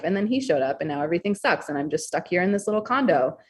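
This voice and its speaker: A young adult woman talking candidly as a podcast guest, expressive and blunt, swearing freely. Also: on the low side, racing, husky. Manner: frank, expressive, swears freely, acts out quoted thoughts. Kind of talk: candid interview conversation.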